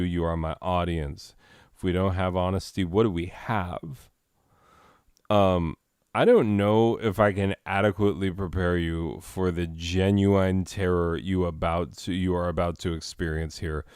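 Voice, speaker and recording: A man with a deep, smooth voice hosts a comedy show, drifting through a self-deprecating story at an unhurried pace. His delivery is full of digressions and chuckling asides. The recording is dry and close. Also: a little mellow, no echo. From Arizona.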